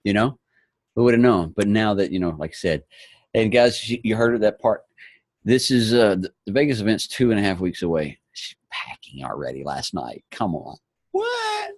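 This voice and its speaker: A man's voice: on the low side, expressive, normal speed, dry recording, clean studio sound. A man in his forties hosting a motivational morning show, upbeat and encouraging. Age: 40s. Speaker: host. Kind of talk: motivational talk.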